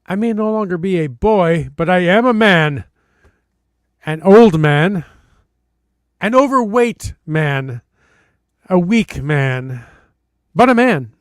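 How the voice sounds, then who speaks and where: High-voiced man reading a story with flair. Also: lively intonation, smooth, no echo, studio quality. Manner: dramatic, playful emphasis with comic pauses. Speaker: podcast host. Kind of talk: reading a listener's story aloud.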